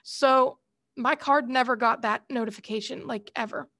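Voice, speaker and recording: A woman's voice: fairly high pitch, fairly even intonation, moderate pace, sharp tone, no echo, clean studio sound. A woman college instructor lecturing her class and breaking into a heated, casual personal story with mild slang.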